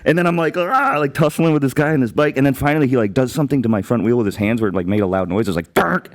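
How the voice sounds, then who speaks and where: A man, hosting a casual podcast chat and telling rambling, profane stories, acting out shouts. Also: medium pitch, rapid-fire, no echo, studio quality. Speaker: podcast host.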